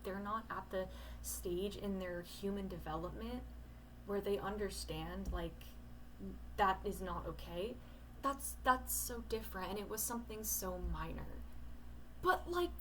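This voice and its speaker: Young woman, candid casual vlog voice, loose rambling delivery, mid pitch, slight background hiss. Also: rough recording. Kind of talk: casual talk to camera. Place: bedroom at home at night.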